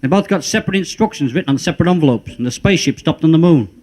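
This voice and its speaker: A man telling a joke in a stand-up comedy routine, with brisk delivery. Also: fairly high pitch, animated, a little mellow.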